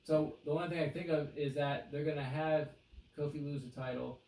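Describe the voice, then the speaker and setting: A man's voice: fairly high pitch, fairly even intonation, a little fast, dark tone, far from the mic. A man co-hosting a casual wrestling podcast, opinionated and repeating his points for emphasis. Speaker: podcast co-host. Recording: echoey room, voice off-mic.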